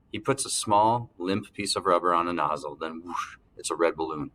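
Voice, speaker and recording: A man narrating an audiobook in the first person, telling the story calmly and evenly. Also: low voice, normal speed, hardly any pauses, slight background noise.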